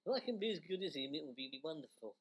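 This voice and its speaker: A woman's voice: deep voice, animated, fast, slight background noise, pitched below the performer's own voice. A woman playing an eager young male cook. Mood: gushing. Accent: British.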